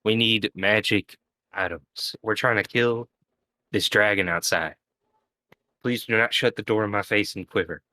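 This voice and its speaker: A man's voice: on the low side, steady tone, measured pace, sharp tone, a little hiss or hum. A man playing a tabletop fantasy game over a voice call, joking around in character. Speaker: player. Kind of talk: casual tabletop game play.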